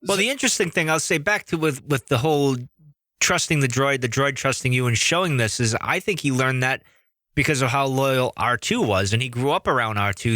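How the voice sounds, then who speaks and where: A man co-hosting a podcast, chatting casually and animatedly while acting out what characters might say. His voice is bright and forward. The sound is dry and close. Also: mid-range voice, dry recording. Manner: animated, acts out quotes of characters. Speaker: podcast co-host. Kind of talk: casual fan speculation chat.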